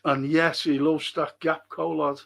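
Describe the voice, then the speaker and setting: A man's voice: fairly high pitch, little pitch movement, a little slow, vocal fry, fairly bright tone. A middle-aged man, hosting a casual football livestream and answering viewer comments bluntly, swearing often. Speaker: football podcast host.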